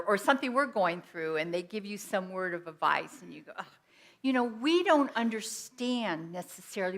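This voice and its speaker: A woman's voice: a little high, bright, forceful tone. A woman giving an inspirational sermon at a Sunday church service, speaking conversationally and telling personal stories. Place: church sanctuary.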